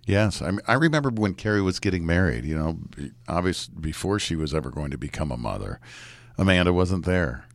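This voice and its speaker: A man with a very deep, low voice talks through a news story, reflective and conversational. The recording is dry and close, with no room sound. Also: lively intonation, a little fast, no room sound. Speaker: news reporter. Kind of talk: podcast news discussion.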